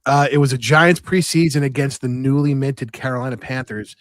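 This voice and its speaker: A man's voice: medium pitch, a little fast, no echo, studio quality. Chatty new man, podcast co-host. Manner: chatty storyteller, lots of "you know" and restarts. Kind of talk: casual chat.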